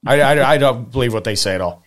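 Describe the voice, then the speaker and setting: A man's voice: mid-range voice, fast. A man co-hosting a casual podcast, laid-back, chiming in with short agreements and jokes. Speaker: podcast co-host.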